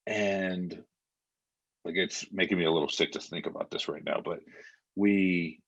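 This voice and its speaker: Deep-voiced man telling a story. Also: steady tone, a little slow, highs cut off. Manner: vivid retelling with many fillers. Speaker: podcast guest. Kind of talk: emotional storytelling in conversation.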